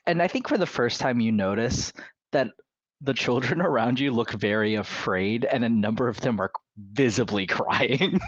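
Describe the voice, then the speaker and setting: A man's voice: mid-range voice, normal speed, no echo, dull audio. A man narrating as game master of a tabletop game, playful and descriptive.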